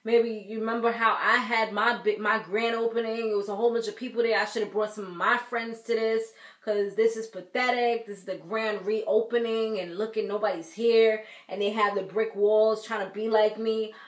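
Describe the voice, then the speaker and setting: A woman's voice: mid-range voice, fairly even intonation, moderate pace. A woman giving a casual, chatty spoken recap of a reality show, full of slangy asides and frequent laughter. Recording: echoey room.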